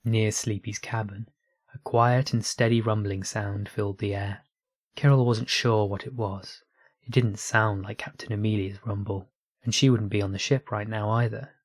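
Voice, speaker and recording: Low, husky male storyteller. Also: steady tone, normal speed, no echo. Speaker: narrator. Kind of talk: audiobook reading of online fiction.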